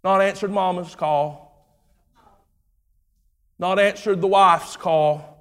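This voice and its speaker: A man with a high voice preaches slowly and deliberately. His rhythmic sermon climbs to shouted lines, then sinks to low, hushed phrases. The sound rings with the long reverb of a church hall. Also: steady tone, clean tone. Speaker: pastor.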